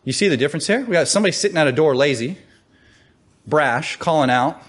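At a quick pace, a male preacher addresses his listeners conversationally and with plenty of energy. Questions to the crowd come often, and quoted calls get extra weight through a rising pitch.

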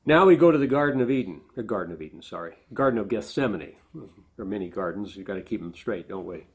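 A man's voice: lowish voice, expressive, fast talker, husky. A man preaching a sermon, reading scripture aloud with lifted emphasis and then explaining it in plain, conversational asides. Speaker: pastor.

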